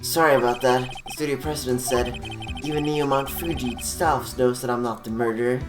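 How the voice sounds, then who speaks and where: Man doing a drawling spacey actor guy, loud and airy, far from the mic, game music under it. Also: mid-range voice, fairly even intonation, fairly quick, reverberant, natural voice. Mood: laid-back. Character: laid-back spacey male TV actor, says dude.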